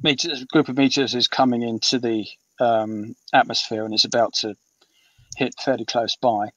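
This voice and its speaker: This British author in his fifties, interviewed in a casual chat, has a medium-pitched, fairly bright voice with a steady tone and moderate pace. He rambles through many ums and restarts on a dry, muffled, distant recording.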